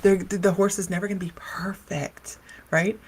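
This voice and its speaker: With a husky, mid-range voice and flat delivery at a moderate pace, a middle-aged psychic medium hosts a laid-back livestream. She drifts from topic to topic and laughs frequently.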